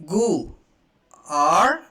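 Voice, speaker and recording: A man teaching a beginner lesson, slowly saying each phrase twice and explaining it in English. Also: sits high, big pitch swings, pushed and bright. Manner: slow, repeats each phrase, spells out examples. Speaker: French teacher. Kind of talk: slow beginner language lesson.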